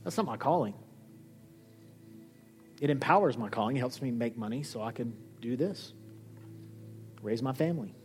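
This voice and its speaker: A man preaching a sermon as a pastor, animated, acting out the dialogue he quotes. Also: moderate pace, pauses often, faint music behind. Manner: lively, acts out quoted dialogue with shifting pitch. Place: church hall.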